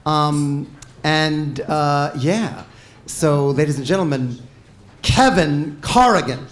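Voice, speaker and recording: A man's voice: on the high side, slow pace. A man hosting a live reading event, announcing the next reader and the intermission. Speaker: event host.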